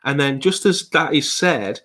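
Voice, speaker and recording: A man's voice: fairly high pitch, lively intonation, a little slow, bright, forceful tone. A man giving an online presentation as a paranormal investigator. He talks in a hesitant way, with frequent ums and repeated words.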